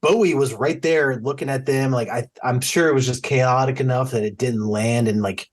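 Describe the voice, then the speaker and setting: A man with a mid-range voice talks at normal speed while co-hosting a podcast in casual chat. He's chatty, acts out quotes he recounts from the show, and calls himself an easy crier.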